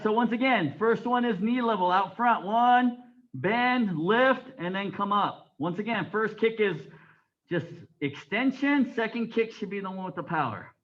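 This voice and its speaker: A man teaching a taekwondo class, counting aloud in Korean and giving sharp commands between calm explanations. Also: high-pitched. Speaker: taekwondo instructor. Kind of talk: teaching a martial arts class. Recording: dull lo-fi sound.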